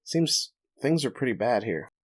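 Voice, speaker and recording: A man's voice: medium pitch, big pitch swings, unhurried, husky. A man recapping an anime episode for a podcast, joking and laughing between plot summaries. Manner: narrates plot, then jokes and laughs. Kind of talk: casual recap chat.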